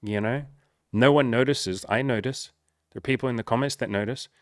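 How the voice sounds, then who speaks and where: A man's voice: mid-range voice, fairly even intonation, quick pace, no room sound, studio quality. A man talking as a life coach in casual, earnest advice to the camera, swearing freely and acting out the voices he quotes.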